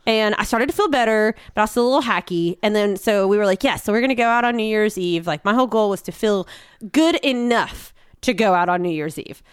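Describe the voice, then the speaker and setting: A young woman co-hosting a casual podcast, chatty and quick to laugh. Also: medium pitch, lively intonation, clean tone, no room sound, clean studio sound. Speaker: podcast co-host. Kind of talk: casual chat.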